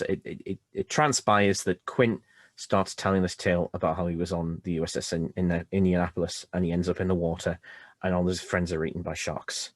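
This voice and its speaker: A man with a low voice, recorded dry and close with no room sound. He talks films in a measured, thoughtful way. He takes his time to work through why a scene lands. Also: no room sound. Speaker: podcast co-host. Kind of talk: casual chat about films.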